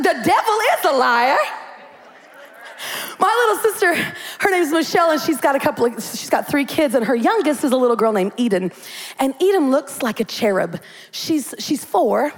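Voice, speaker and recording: Woman pastor, high lively voice, playful sermon delivery in a reverberant church. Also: brisk. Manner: animated, comic, acts out quotes. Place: church sanctuary. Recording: long hall reverb.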